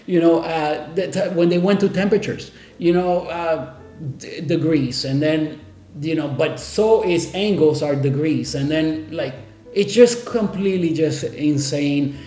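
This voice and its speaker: Man, host, rambling storyteller, many fillers, slightly high voice, echoey room. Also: measured pace, warm tone. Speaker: coffee video host. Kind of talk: casual storytelling.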